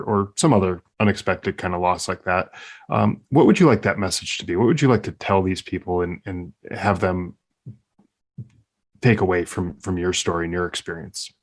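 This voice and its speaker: A man hosting a podcast, asking measured, supportive questions of his guest. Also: deep voice. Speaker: podcast host. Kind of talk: interview questions.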